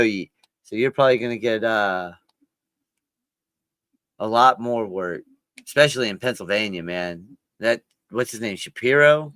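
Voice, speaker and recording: A man's voice: lowish voice, fairly bright tone, clean tone, dry recording. Joking, teasing man on a podcast. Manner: joking, laughs a lot, teasing. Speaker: podcast co-host. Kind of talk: casual chat over a watch-along.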